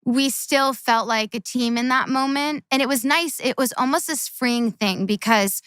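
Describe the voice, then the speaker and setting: A woman in her thirties talks through her memories in casual conversation. Her voice sits a little high and comes across smooth and clear. The mic is dry and close, with no room sound. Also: moderate pace, fairly bright tone, dry recording. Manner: earnest, tumbling storytelling with repeated phrases. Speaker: guest, former Olympic gymnast. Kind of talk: casual chat.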